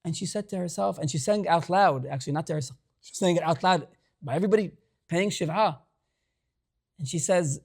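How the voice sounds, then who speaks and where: A male rabbi delivering a sermon through a story. He speaks animatedly, moving between hushed asides and loud, emphatic lines. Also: high-pitched, brisk, vocal fry, pauses often.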